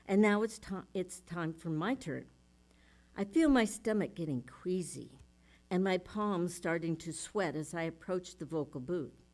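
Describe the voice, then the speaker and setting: Slow-reading woman at a service. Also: on the low side, darkish tone. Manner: slow, measured reading with light laughter. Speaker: speaker at a spiritual center service. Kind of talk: reading aloud to a congregation.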